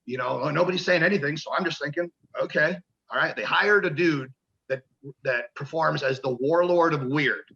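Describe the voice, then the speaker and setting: A man's voice: on the high side, moderate pace, vocal fry, bright, forceful tone, dull audio. A man, a pro wrestler, telling rambling, profane stories in a casual interview and acting out the voices of people he quotes.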